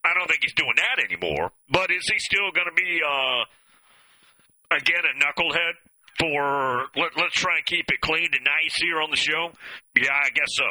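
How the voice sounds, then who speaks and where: A man's voice: fairly high pitch, animated, moderate pace, bright, forceful tone, dry recording, rough recording. A man hosting call-in sports talk radio, folksy and opinionated. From American South.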